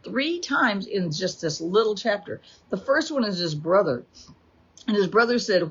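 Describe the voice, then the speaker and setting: A woman teaching a Bible study, retelling the story with animated energy and acting out the quotes. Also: mid-range voice, unhurried, slightly rough. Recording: dull lo-fi recording.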